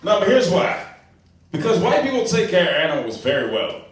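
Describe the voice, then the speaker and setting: Profane stand-up comic in an echoey club. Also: male voice, high voice, sing-song, fairly quick. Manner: loose, profane, rhetorical asides. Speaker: stand-up comedian. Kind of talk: open mic stand-up. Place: comedy club stage. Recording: very echoey room, distant mic.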